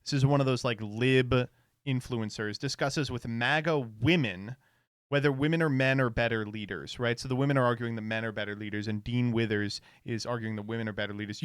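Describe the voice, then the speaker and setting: A man hosts a casual stream, riffing on clips with a sarcastic, rambling delivery. His voice sits at an ordinary middle pitch. The sound is dry and close, with no room around it. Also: a little fast, dry recording. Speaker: streamer host.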